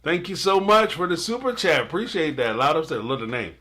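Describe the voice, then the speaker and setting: A man's voice: fairly high pitch, lively intonation, a little fast, sharp tone. A man hosting a casual live stream, reacting to a TV episode and reading out viewer super chats with jokes, playful asides and frequent laughter.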